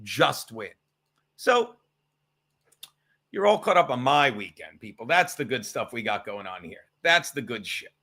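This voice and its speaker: A man's voice: medium pitch, sing-song, unhurried, long pauses, bright, forceful tone. A man hosting a live stream, rambling and sarcastic, swearing often as he tells stories and reads chat. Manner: rambling, profane, sarcastic storytelling. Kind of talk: casual livestream chat.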